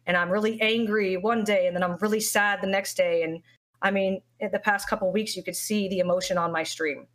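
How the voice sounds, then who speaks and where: A woman's voice: medium pitch, fairly even intonation, a little fast. A young woman, a streamer, talking candidly and with feeling in an interview, often restarting her sentences. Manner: candid, heartfelt, rambling with many restarts. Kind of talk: emotional interview talk.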